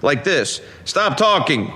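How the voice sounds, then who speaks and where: A man's voice: big pitch swings, slow, bright, forceful tone, full character voice. An actor playing an impatient man near forty who answers a child curtly and dryly, in a film clip. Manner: dry, curt, bossy. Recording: film clip with faint rumble.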